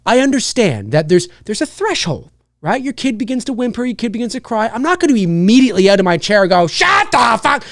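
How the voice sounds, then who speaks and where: A male livestream host ranting in a loose, casual way. His pitch leaps all over the place as he acts out bits of scenes, with some swearing mixed in. The sound is close and dry. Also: big pitch swings, quick pace, no echo. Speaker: live show host.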